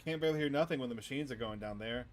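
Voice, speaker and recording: A man's voice: mid-range voice, rapid-fire, natural voice. A man voicing a small-town miner in a visual novel, talking in a folksy, offhand way. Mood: dismissive. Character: gruff small-town male miner, dismissive.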